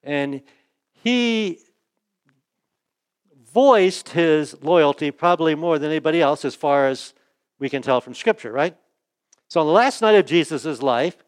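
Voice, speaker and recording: A man's voice: lively intonation, measured pace, long pauses, clear, resonant tone. A pastor giving a conversational sermon at a church service, often asking "right?" and acting out the quotes he reads. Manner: chatty, asks "right?" often, acts out quotes with raised pitch.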